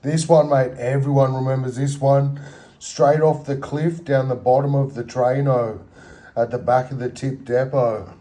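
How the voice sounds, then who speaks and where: With a warm, mid-range voice, fairly even intonation and a measured pace, a middle-aged video narrator talks over game or drawing footage. His commentary wanders, heavy on slang and sprinkled with sound effects.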